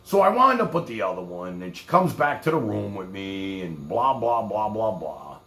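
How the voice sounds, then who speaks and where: A man's voice: lowish voice, big pitch swings, normal speed, a bit bright, roomy sound. A man from New York with a New York accent, telling rambling, profane stories in casual talk as a streamer. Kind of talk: casual storytelling.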